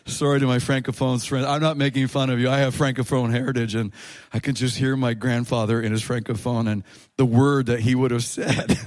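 A man's voice: mid-range voice, steady tone, a little fast. A man preaching a sermon to his church, leading the congregation in call-and-response and stressing points with repetition. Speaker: pastor.

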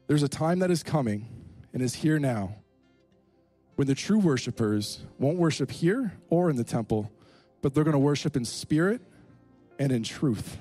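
A male preacher voicing a calm, gentle teacher, speaking slowly and quietly. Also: mid-range voice, no room sound, soft background music, close to an everyday voice.

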